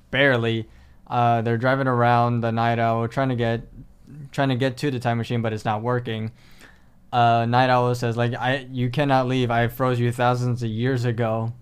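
A young man co-hosting a podcast, excitedly jumping in with theories and jokes while recapping a cartoon. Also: medium pitch, moderate pace, smooth. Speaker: podcast co-host. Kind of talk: casual chat recapping an episode.

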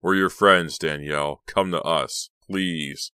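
A man's voice: rumbling low, steady tone, slow pace, bright, forceful tone, smooth, dry recording, studio quality, full character voice. A man voicing a sly teenage werewolf boy in a storybook, coaxing and insistent.

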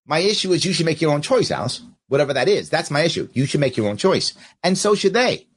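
Lively male political podcast host. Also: on the high side, fast talker, slightly rough. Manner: animated, talks straight to viewers, reads out comments. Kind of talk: casual political commentary.

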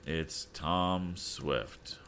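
A man voicing a proud, puzzled middle-aged banker who speaks formally and haltingly. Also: extremely low pitch, fairly bright tone, a little hiss or hum, heavily acted. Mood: stiff.

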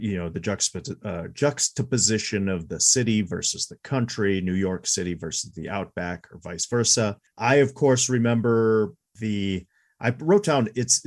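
Man, 40s, husky, podcast co-host, candid casual chat. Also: fairly low pitch. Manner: chatty, candid, laughs easily. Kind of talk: casual movie review chat.

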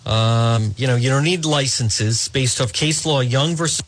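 A man's voice: medium pitch, a little slow. A man hosting talk radio, commenting emphatically and addressing his listeners as folks.

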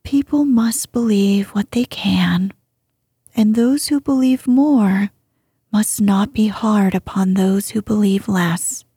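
A woman voicing a gentle, kindly old grandmother in a storybook reading, soft and soothing. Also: mid-range voice, slow, breathy edge, no echo, clean studio sound, heavily acted.

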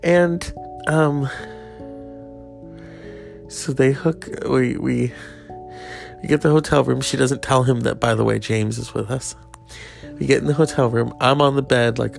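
A host telling a gossipy personal story in casual chat, animated and quoting people. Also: medium pitch, unhurried, gravelly, pauses often, faint music behind. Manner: animated, gossipy, acts out quotes.

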